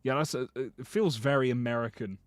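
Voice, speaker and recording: A man's voice: medium pitch, brisk, no echo. A man chatting casually on a live stream, joking with his chat as he looks through game screenshots. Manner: chatty, jokey, lively.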